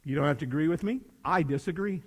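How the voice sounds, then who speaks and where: Middle-aged male teacher, high voice, folksy motivational speaker, echoing hall. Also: fast, vocal fry, breathy edge. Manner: folksy, animated, acts out dialogue with shifting voices. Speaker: teacher giving a talk. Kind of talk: motivational speech to students. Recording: reverberant hall.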